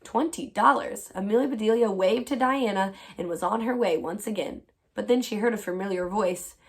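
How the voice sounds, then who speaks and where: A woman teacher reading a children's chapter book aloud in a clear, expressive storytelling voice. Her pitch sits in the middle range for a woman, and her delivery is steady and easy to follow. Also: fairly quick.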